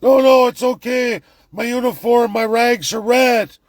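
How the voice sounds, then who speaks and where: A man putting on a whiny, naive Canadian man's voice in a squeaky singsong of denial. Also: steady tone, measured pace, dry recording, studio quality.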